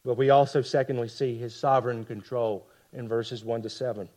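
A man preaching a sermon with passion, dropping to hushed lines for emphasis and tossing rhetorical asides to the congregation. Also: mid-range voice, steady tone, fairly quick. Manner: impassioned, swings from loud emphasis to hushed lines. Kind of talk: expository sermon.

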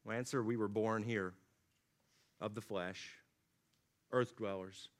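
A man preaching a sermon, swinging from loud emphatic lines to low, quiet drops. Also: fairly even intonation, slow pace. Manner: dynamic preaching, rising emphatic then dropping low and quiet. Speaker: pastor.

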